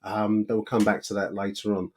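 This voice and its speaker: A man's voice: lowish voice, flat delivery, a little fast, a little mellow. Man, podcast host, casual chat, rambling, lots of "um"s. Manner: chatty, rambling with filler words.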